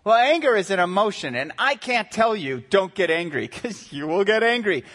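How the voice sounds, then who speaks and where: A man in his forties, a pastor preaching a sermon, animated and acting out quotes in shifting voices. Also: sits high, normal speed. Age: 40s.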